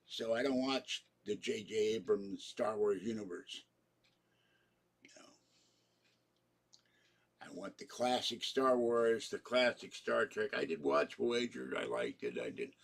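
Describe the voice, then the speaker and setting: Older man, live-stream host, rambling, opinionated, grumbling, gravelly voice. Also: on the low side, fairly even intonation, measured pace. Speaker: channel host. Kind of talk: casual live-stream chat.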